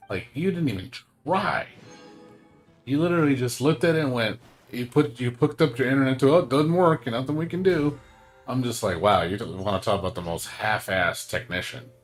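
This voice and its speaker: A man chatting casually while streaming a game, ranting and swearing with lots of fillers. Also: mid-range voice.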